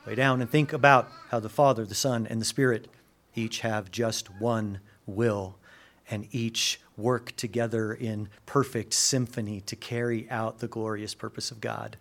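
A man preaching a sermon, dropping to hushed low asides and rising to loud, emphatic peaks, acting out quoted dialogue in lively voices. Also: measured pace, creaky. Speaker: pastor.

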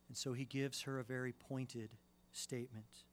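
A male pastor preaching a sermon, dropping to a hush and then rising to loud, impassioned lines. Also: medium pitch, little pitch movement, normal speed. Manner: dramatic swings from hushed to loud, impassioned.

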